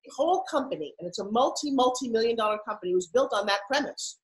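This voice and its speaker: A woman's voice: on the high side, lively intonation, quick pace, rough recording. A middle-aged woman from New York, a podcast guest telling her life story with punchy emphasis. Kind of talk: storytelling interview.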